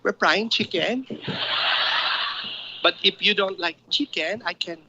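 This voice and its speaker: A man's voice: sits high, takes it slowly, highs cut off. A man playing a fussy, protective older mother who sounds defensive in a sing-song way, on a noisy played-back clip.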